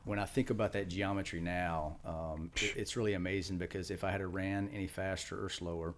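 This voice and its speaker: The background is noisy as this retired Marine, a middle-aged podcast guest, talks through his experiences. His voice sits low and steady and he speaks briskly, telling things in a loose, matter-of-fact way full of fillers and restarts during the casual interview.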